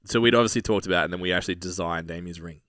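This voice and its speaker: A man's voice: sits low, racing, fairly bright tone, clean tone, no echo, studio quality. A young Australian man telling a rambling story in casual chat, swearing freely. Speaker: podcast co-host.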